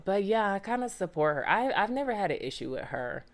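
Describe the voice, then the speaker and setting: A woman's voice: mid-range voice, very animated, brisk. A woman hosting a solo podcast, talking casually and animatedly with slang and lots of exclamations and rhetorical questions. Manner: slangy and conversational. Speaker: podcast host.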